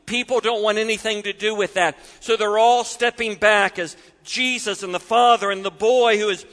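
Preaching a sermon at a moderate pace, a man is expressive and animated, acting out voices and now and then dropping suddenly quiet. His high-pitched, ringing bright voice is carried by the long reverb of a big hall.

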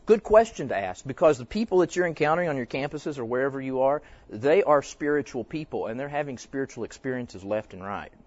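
A man's voice: medium pitch, expressive, a little fast, hardly any pauses, a little mellow, no echo. Storytelling man teaching a class. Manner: conversational, tells stories, quizzes the audience. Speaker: church teacher. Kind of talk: teaching talk with stories. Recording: dull, dry lo-fi recording.

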